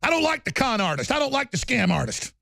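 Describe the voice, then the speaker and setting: Ranting gravelly man, high-pitched. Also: sing-song, fast talker, dry recording. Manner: ranting, often shouting, repetitive lists. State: angry. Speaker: political talk show host. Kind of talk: angry political monologue.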